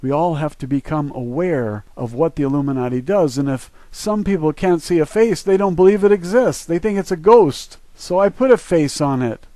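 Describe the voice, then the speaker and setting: Man, fairly high voice, dry close sound; preachy, emphatic solo monologue to viewers. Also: dark tone, no room sound. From northern United States. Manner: emphatic, preachy, urging listeners. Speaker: online video host. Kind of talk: opinionated spoken monologue.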